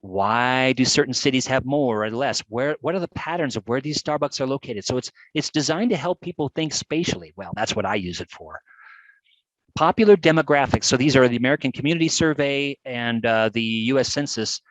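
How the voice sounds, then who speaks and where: A man presenting a live webcast, talking through examples with chatty enthusiasm and lively emphasis. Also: mid-range voice, fairly quick, no room sound, rough recording.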